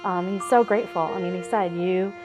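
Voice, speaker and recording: A woman animal welfare advocate in an interview, telling her story in a lively way and acting out her own thoughts. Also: lowish voice, brisk, over music, low-quality recording. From Nevada.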